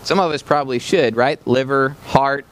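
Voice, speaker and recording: A visiting missionary preaches to a church congregation in a mid-range voice at a moderate pace, with a bit of hiss or hum in the audio. He speaks passionately and directly to the people, building to emphatic peaks.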